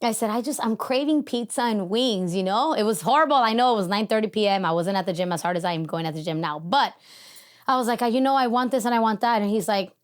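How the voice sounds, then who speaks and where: A young adult woman co-hosts a podcast, telling stories animatedly in casual chat and laughing often. She speaks fast in a medium-pitched voice.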